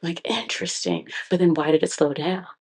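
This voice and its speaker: A woman's voice: lowish voice, steady tone, brisk, breathy edge. A young woman co-hosting a podcast in casual chat, laughing often and acting out what friends said. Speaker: podcast co-host.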